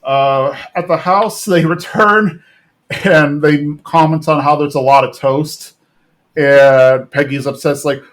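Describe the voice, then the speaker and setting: A man's voice: fairly high pitch, moderate pace. A man hosting a podcast, casually recapping a cartoon episode in a rambling way with many fillers and restarts. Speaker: podcast host.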